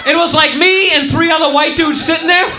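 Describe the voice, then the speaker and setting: A man performing stand-up on a comedy club stage, rambling and excitable, often shouting his punchlines. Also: very high voice, fairly quick. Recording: echoey live club recording with crowd noise. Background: audience laughter.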